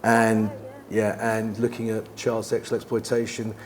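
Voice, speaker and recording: A documentary presenter on a festival panel, speaking earnestly and in a measured way about serious issues. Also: male voice, fairly low pitch, monotone, a little hiss or hum. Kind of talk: casual panel discussion.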